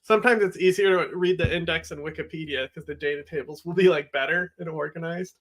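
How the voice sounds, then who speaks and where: A man's voice: on the high side, fast, a bit bright. A man bantering in a sarcastic, joking way and swearing often, as co-host of a reaction show. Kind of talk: casual banter.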